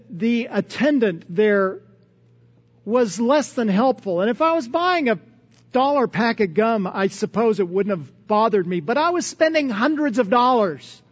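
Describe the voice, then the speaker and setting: High-voiced man preaching a sermon. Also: highs cut off. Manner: earnest, conversational preaching with strings of rhetorical questions. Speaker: pastor.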